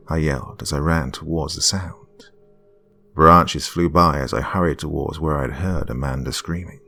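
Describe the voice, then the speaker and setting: A man with a very deep, low voice reads a scripted horror story in the first person. His delivery is measured and tense, sometimes sinking to a hush. Faint background music sits under him. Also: vocal fry.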